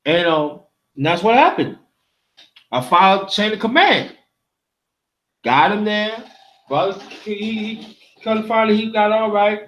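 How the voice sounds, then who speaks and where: High-voiced man, halting, in a roomy echo. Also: a bit bright. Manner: halting storyteller, repeats words. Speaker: host. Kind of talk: casual chat.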